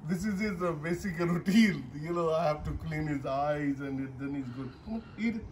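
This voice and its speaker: A man's voice: on the high side, steady tone, normal speed, slight background noise, poor audio. A man at home talking casually to his dog and the camera, coaxing and repeating himself, laughing often, with non-native grammar. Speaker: dog owner vlogger.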